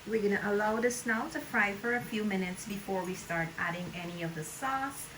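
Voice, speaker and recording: A woman's voice: medium pitch, brisk. Lady talking thru a recipe step by step, "so guys", echoey kitchen, noisy background. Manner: walks viewers through each step, often says "so guys". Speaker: home cook hosting a recipe video. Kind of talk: cooking tutorial narration. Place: home kitchen.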